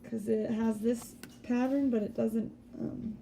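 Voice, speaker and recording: A woman teacher giving a recorded spelling lesson, patiently explaining step by step and sounding out words slowly. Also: on the high side, steady tone, gravelly, warm tone, slight background noise. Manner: slow deliberate word-by-word sounding out.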